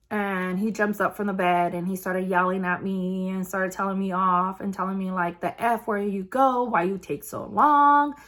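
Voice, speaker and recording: A woman vlogger telling a personal story in a casual, halting way, with many fillers and restarts. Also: medium pitch.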